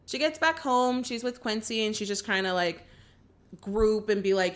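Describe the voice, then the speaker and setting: A young woman hosting a casual movie reaction, recapping the plot in an animated way and acting out the characters' lines. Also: medium pitch, normal speed.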